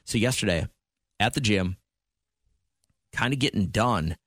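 A man co-hosting a radio show, chatting casually and telling funny stories in a joking, lively way. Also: lowish voice, a little slow, no echo, clean studio sound. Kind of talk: casual morning radio banter.

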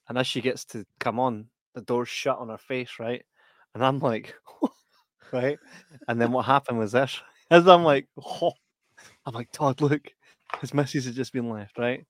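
A man's voice: medium pitch, steady tone, normal speed, no room sound, studio quality. A man co-hosting a casual chat, telling funny stories and breaking into heavy laughter. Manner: laughs heavily while telling anecdotes. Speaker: podcast co-host.

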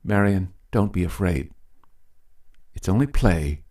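A man putting on a worried mother, voice lifted higher. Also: expressive, takes it slowly, darkish tone, recorded from a distance, heavily acted. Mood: anxious. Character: gentle, anxious mother calling her daughter.

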